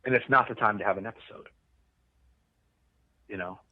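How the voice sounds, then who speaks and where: A Coast Guard veteran telling a rambling, profane story in casual conversation. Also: male voice, on the low side, moderate pace, no room sound, phone-quality sound. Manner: rambling, profane, restarts often.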